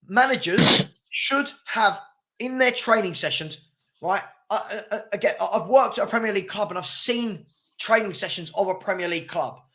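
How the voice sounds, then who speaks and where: Man, forceful, insistent, high-pitched voice, heated debate host.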